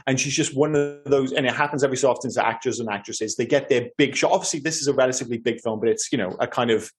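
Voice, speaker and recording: A man co-hosting a podcast, chatting casually about films in an enthusiastic, rambling, effusive way. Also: medium pitch. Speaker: podcast co-host. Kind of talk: casual film chat.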